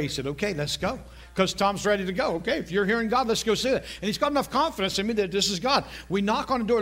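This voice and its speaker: A middle-aged male pastor preaching a sermon, telling a story with lively asides and repeated phrases. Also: high-pitched.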